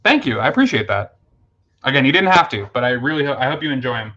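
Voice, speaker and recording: A man's voice: mid-range voice, animated, quick pace, sharp tone, muffled recording. A man hosting a casual late-night livestream, chatting with viewers and thanking them, with lots of fillers and restarts. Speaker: livestream host.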